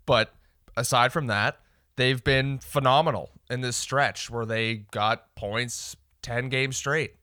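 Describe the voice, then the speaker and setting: Male podcast co-host, bright forward tone, dry close sound, blunt laid-back chat. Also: mid-range voice, steady tone, slow pace, no room sound. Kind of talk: casual sports chat.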